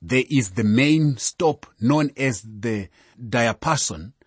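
Slow, husky-voiced male preacher. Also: medium pitch, lively intonation, no echo. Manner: measured, emphatic preaching with rising and falling emphasis. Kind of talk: sermon.

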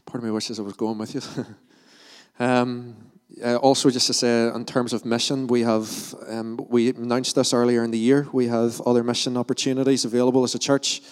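A man's voice: medium pitch, flat delivery, normal speed, clean tone. A man, a pastor, leading fervent prayer and church announcements and often restarting his phrases. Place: church hall. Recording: long reverb of a church hall.

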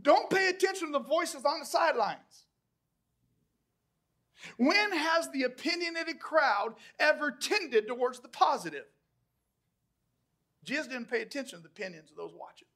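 A man preaching a sermon, swinging between hushed, intimate passages and loud, shouted calls. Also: very high voice, expressive, normal speed, pauses often. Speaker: pastor.

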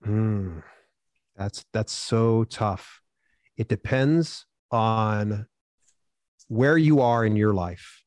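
A man answering interview questions as a self-publishing expert, upbeat and animated, acting out quotes as he tells stories. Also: fairly low pitch, drawn-out words, long pauses, no room sound.

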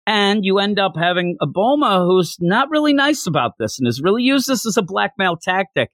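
A man recaps a comic chapter for his podcast, his voice rising and falling in a lively way. The sound is dry and close, with no room around it. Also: high-pitched, normal speed, no room sound. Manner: animated storytelling, acting out lines. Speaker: podcast host. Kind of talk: casual comic-book recap chat.

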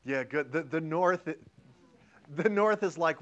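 Animated joking male history teacher. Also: fairly high pitch, slow pace, dull audio. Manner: animated, joking, and asks the class questions. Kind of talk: classroom lecture with questions to students. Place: classroom.

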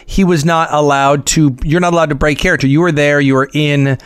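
A man's voice: on the high side, fairly even intonation, fairly quick, smooth, no echo. Dry-voiced man telling a rambling story. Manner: rambling, many ums and restarts. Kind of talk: casual storytelling chat.

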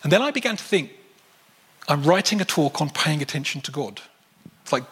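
Man, preacher, husky voice, animated storytelling sermon. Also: quick pace, long pauses. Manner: animated, acts out dialogue with wide pitch swings.

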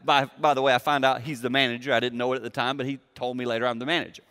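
A man's voice: mid-range voice, level tone, racing, fairly bright tone, clean tone, long reverb tail. A man giving a sermon as a pastor, telling a personal story in a conversational way and acting out the dialogue. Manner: conversational, acts out quoted dialogue.

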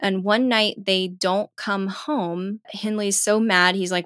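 A woman's voice: mid-range voice, fairly even intonation, slow, a bit bright, no echo, clean studio sound. A woman casually recapping a novel chapter by chapter, chatty and full of "like", lightly voicing the characters' lines. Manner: chatty retelling, voices quotes lightly, frequent "like". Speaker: podcast co-host recapping a novel. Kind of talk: casual chat.

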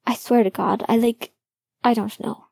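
A woman reading an audiobook, voicing a nervous young man who talks in halting, rushed confessions. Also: fairly high pitch, steady tone, creaky, darkish tone, slightly rough, dry recording. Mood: anxious.

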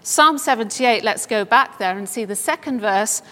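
High-voiced woman preaching in a reverberant hall. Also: moderate pace, pushed and bright. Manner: builds to fervent exclamations. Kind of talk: sermon with scripture reading.

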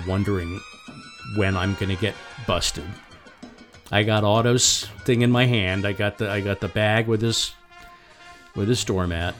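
A middle-aged man telling a personal story, often stumbling and repeating words as he goes. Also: lowish voice. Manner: halting, repeats and restarts words.

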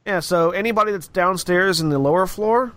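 A man from the UK narrating a tabletop game as game master, relaxed and halting, describing gory scenes with relish. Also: sits high. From United Kingdom.

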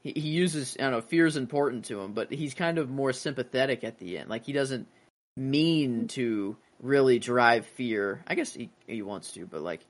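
A man's voice: medium pitch, normal speed. A man hosting a casual podcast chat, rambling with many fillers and restarts. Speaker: podcast host.

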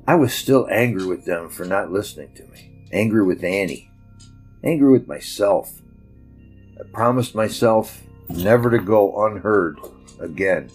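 A man narrating a story with a measured, reflective telling. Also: lowish voice, darkish tone, husky, low-quality recording.

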